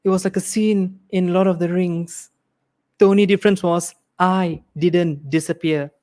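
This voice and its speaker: Young malaysian guy doing a stand-up set, kinda high voice, acts out people. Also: moderate pace. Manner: animated, acts out characters with big pitch swings. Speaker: stand-up comedian.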